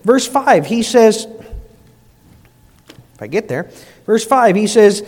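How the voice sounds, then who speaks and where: Male pastor, high voice, sermon delivery with soft lows and emphatic climbs, long hall reverb. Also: lively intonation, takes it slowly, pauses often. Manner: swings between soft, low passages and rising, emphatic appeals.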